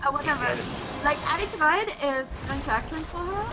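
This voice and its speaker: A woman's voice: sits high, moderate pace, over music, rough recording. A woman voice actor chatting casually on a group call, rambling a little with fillers. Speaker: dub voice actor.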